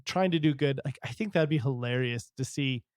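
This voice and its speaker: A man's voice: medium pitch, fairly quick, a little mellow, no echo, studio quality. A man co-hosting a casual podcast, rambling with many fillers and restarts as he thinks aloud. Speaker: podcast co-host. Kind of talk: casual chat.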